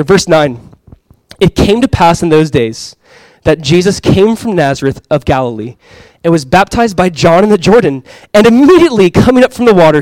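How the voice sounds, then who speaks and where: A male pastor preaching with a slightly raised pitch and an eager, conversational delivery. He keeps restarting phrases and dropping in casual fillers as he explains scripture. The sound is close and dry, with little room around it. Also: a little mellow, no echo, low-quality recording. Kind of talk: sermon.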